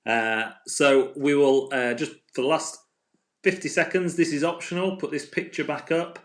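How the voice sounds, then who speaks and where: A man's voice: fairly high pitch, steady tone, moderate pace. A man hosting a casual live-stream quiz from home on a phone, chatty and playful, laughing often. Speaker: quiz host.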